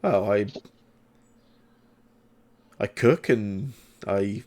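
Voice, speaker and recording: A man's voice: lowish voice, drawn-out words, mellow. A man voicing a middle-aged city woman married to a guard, who stammers politely and speaks with pride about her husband. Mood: flustered.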